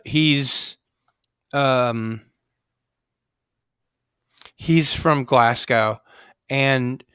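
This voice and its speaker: Slow, halting host with a smooth voice. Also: male voice, mid-range voice, fairly bright tone, dry recording, studio quality. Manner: slow and halting, many fillers like uh and you know. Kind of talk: casual chat.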